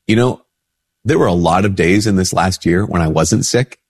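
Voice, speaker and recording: A man's voice: moderate pace, slightly rough, no echo. A man, a Catholic priest, giving a casual spoken reflection while a bit sick with a stuffy nose, acting out quoted replies in a lifted voice. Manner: conversational, acts out quoted replies in a higher voice.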